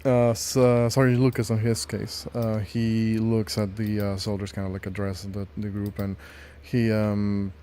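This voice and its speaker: A man describes scenes as game master of a tabletop game. He hesitates a lot and fills gaps with ums and uhs. His voice is mellow and dark. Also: lowish voice, flat delivery, a little slow, few pauses. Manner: hesitant, lots of fillers.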